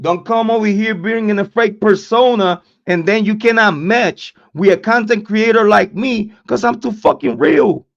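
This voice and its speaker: High-voiced man ranting, profane and confrontational. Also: normal speed, creaky, hardly any pauses. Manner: repetitive, stammering restarts. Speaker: true crime channel host. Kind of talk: livestream rant. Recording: dull lo-fi sound.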